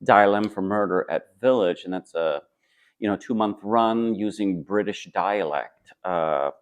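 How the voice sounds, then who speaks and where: A man's voice: lowish voice, unhurried, clean tone. A man who acts on stage, answering interview questions in a friendly, thoughtful way with a clip-on microphone. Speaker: stage actor.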